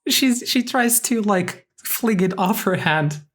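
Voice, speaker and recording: A woman's voice: medium pitch, lively intonation, slow pace. A woman playing a tabletop game, speaking hesitantly and stammering through restarts. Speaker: player. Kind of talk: casual tabletop play.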